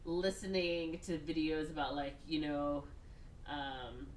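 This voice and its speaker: A woman podcast host with a low voice and a level tone casually retells a movie plot at a slow pace. She's chatty, says "like" constantly, and slips into exaggerated voices for the characters. The room is echoey, with a little hiss or hum.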